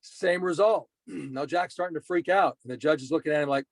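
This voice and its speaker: A middle-aged motivational speaker with a high-leaning, steady voice tells a personal story at a brisk pace, earnestly repeating his main points for emphasis. The recording has no room sound.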